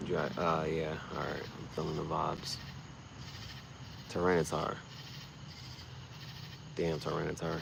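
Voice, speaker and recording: A man ranting casually and profanely on his vlog, rambling and getting animated as he goes. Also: very deep voice, slow pace, gravelly, long pauses, background noise. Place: dim room.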